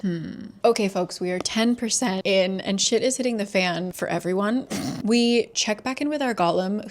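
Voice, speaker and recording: Book vlogger lady, chatty recap, laughs a lot, swears, mid-pitched voice. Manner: animated, laughing, profane.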